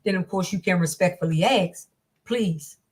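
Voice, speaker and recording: A woman's voice: fairly low pitch, moderate pace. A woman teaching a class on domestic violence, speaking in an earnest, repetitive, conversational way with many fillers.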